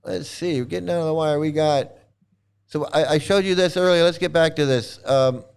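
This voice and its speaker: A man's voice: a little high, moderate pace, vocal fry, darkish tone, clear, resonant tone. A man giving casual video commentary, sarcastic and rambling with many restarts.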